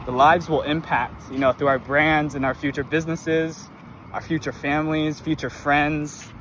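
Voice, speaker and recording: A man's voice: a little high, little pitch movement, moderate pace, a bit bright. A young man in casual reflective chat, earnest and full of "like", filmed outdoors. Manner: earnest, filler-heavy with frequent "like". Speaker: vlogger. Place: outdoors near traffic. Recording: outdoor street noise.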